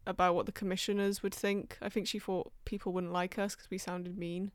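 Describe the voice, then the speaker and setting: A woman's voice: medium pitch, level tone, a little fast, clear, resonant tone, no echo. A woman from London with a mixed Welsh and English accent, co-hosting a podcast in dry, blunt banter. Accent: mix of Welsh and English. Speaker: podcast co-host.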